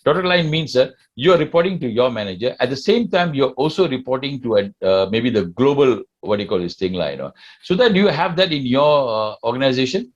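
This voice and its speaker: A man's voice: mid-range voice, sing-song, brisk, highs cut off. A man with a Malaysian English accent giving a classroom lecture and often asking the class questions. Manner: asks the class questions, tags sentences with "lah".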